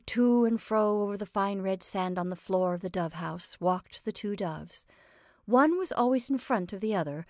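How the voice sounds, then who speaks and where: A woman's voice: medium pitch, darkish tone, dry recording. Woman reading a story, dry close sound. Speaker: reader. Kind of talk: reading a short story aloud.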